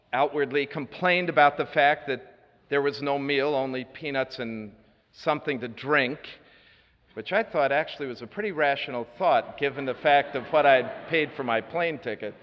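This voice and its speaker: A man preaches in a large hall, telling a story with earnest conviction and a few dry asides, rising loud and dropping to a hush. His voice sits at an ordinary middle pitch. The long reverb of the room hangs on his words, and the recording sounds dull and lo-fi. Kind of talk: sermon storytelling.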